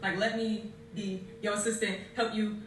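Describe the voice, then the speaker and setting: A woman's voice: mid-range voice, flat delivery, moderate pace, recorded from a distance, a little hiss or hum. A woman in her thirties recounting her own story in a rambling, emotional way, recorded off mic in an echoey room. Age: 30s. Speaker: YouTuber in a played clip. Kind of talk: casual storytelling.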